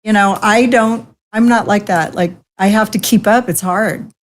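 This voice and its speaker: A woman's voice: mid-range voice, moderate pace. A woman in her sixties co-hosting a talk show, telling chatty, self-deprecating stories in a casual way. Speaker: co-host. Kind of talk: casual chat.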